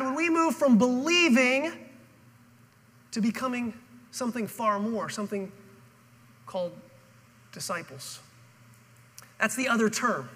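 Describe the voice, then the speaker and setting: A man's voice: very high-pitched, bright, forceful tone. A male pastor preaching a sermon and telling the story dramatically, acting out the people in it. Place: church auditorium. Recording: long hall reverb.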